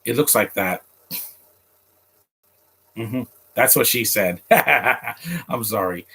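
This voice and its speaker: A man's voice: medium pitch, expressive, extremely slow, creaky, bright, forceful tone, slightly rough. A man streaming live and chatting casually to viewers while reacting to a film, rambling and often stumbling and restarting his sentences. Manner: chats directly to viewers.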